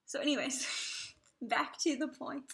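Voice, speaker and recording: A young woman hosts a casual livestream in a high, bright voice edged with vocal fry. She chats freely and keeps slipping into soft, half-whispered asides. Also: measured pace. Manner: chatty, often drops into half-whispered asides. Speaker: livestream host. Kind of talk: casual live commentary.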